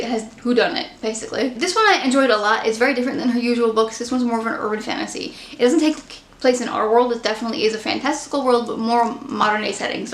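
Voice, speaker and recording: A woman's voice: a little high, a bit bright, roomy sound. A woman casually chatting through her monthly book reviews, candid and opinionated. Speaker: book vlogger.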